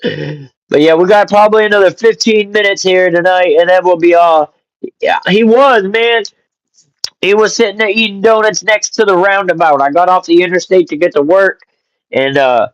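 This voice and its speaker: A man hosting a casual live stream, greeting chat viewers by name and telling stories in an animated, joking way with some swearing. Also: high voice, no room sound, muffled recording. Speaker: livestream host.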